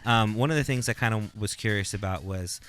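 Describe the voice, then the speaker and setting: A man hosting a podcast, asking long, relaxed questions full of fillers. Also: lowish voice, fairly quick, a little hiss or hum. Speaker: podcast host. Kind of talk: casual podcast interview.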